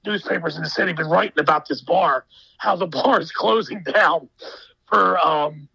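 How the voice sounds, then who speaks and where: A man's voice: fairly high pitch, normal speed, gravelly, bright, forceful tone, husky, dry recording, low-quality recording. A man talking as a podcast guest, ranting emphatically in casual, profane chat.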